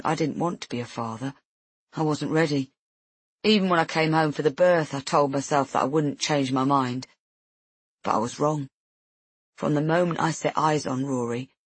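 A woman voicing a regretful young male naval officer, speaking softly and hesitantly. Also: low-pitched, normal speed, slightly rough, no room sound. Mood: tender. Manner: soft, hesitant, voice breaking.

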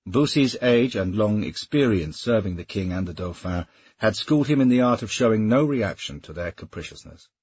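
Low husky male narrator, measured audiobook reading, dry dull recording. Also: lively intonation, a little mellow.

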